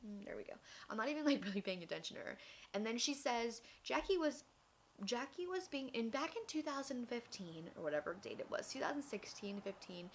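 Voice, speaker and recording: A woman's voice: medium pitch, a bit bright. A young woman vlogger telling a personal story in a chatty, casual way, filling with "like" and acting out what people said. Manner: chatty, lots of "like", acts out quotes. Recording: faint background noise.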